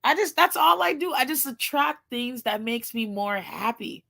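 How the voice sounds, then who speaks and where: A woman in casual chat, animated and gushing, with informal slangy speech and lots of exclamations. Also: high-pitched, normal speed, vocal fry.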